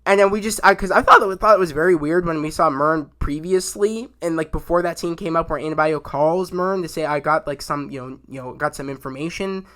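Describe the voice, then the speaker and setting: A young man giving a casual spoken review of a TV episode, rambling and excitable, full of fillers and restarts. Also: on the high side, a little fast, few pauses. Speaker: YouTube show reviewer.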